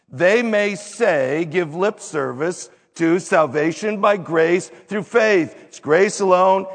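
A man preaching a sermon, teaching slowly and deliberately with strong emphasis on key words. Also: sits high, creaky, big-room sound. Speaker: pastor.

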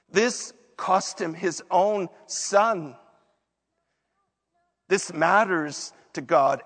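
Man, pastor, sermon, measured delivery, emphatic, reverberant hall. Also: fairly high pitch, fairly bright tone. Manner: emphatic preaching with quick asides and acted-out excuses.

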